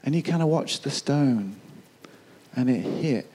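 A man preaching a sermon, retelling a Bible story with lively asides and putting on quick voices for the people in it. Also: medium pitch. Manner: acts out voices of soldiers and kings; chuckles and asides.

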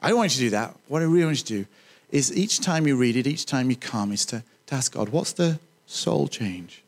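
A male pastor preaching a sermon in a church, chatty and animated, with humorous asides to the congregation. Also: mid-range voice, fast talker.

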